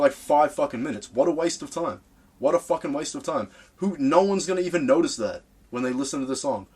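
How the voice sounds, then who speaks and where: A young man who makes music, giving blunt, profane advice to the camera in an animated rant from his small home studio. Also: medium pitch, husky. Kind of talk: casual ranting advice to camera.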